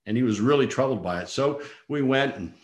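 A man's voice: medium pitch, expressive, brisk, reverberant. A middle-aged man earnestly telling a personal story as a father, acting out the voices of people in it. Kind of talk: emotional personal testimony.

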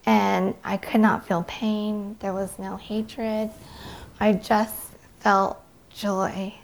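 A woman giving an earnest, halting personal testimony, reflecting slowly as she recalls what happened to her. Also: medium pitch, flat delivery, vocal fry. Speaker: near-death experience witness.

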